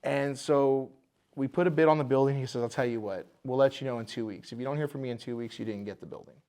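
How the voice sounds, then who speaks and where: A man's voice: medium pitch, quick pace, dark tone. A man, a bar owner, telling the story of buying his building in a casual podcast interview, acting out the voices of the people in it.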